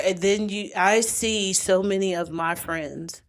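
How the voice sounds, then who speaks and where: A woman's voice: mid-range voice, slow pace. A woman podcast host in casual chat, retelling a TV episode and acting out the characters' lines as she goes. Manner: lively storyteller who acts out the characters' quoted lines.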